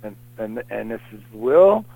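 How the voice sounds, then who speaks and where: A man's voice: lowish voice, a little slow, vocal fry, no room sound, narrow, tinny audio. A middle-aged man telling anecdotes in a casual, rambling way as an interview guest. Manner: animated, rambling anecdotes with lots of fillers.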